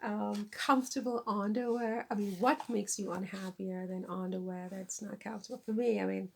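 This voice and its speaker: Woman vlogger, chatty and self-mocking, gravelly fry in the voice, mid-pitched. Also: steady tone, normal speed, few pauses, slight background noise. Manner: chatty, self-deprecating, laughs at herself. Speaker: vlogger and author. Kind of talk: casual chat to camera. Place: lives in France.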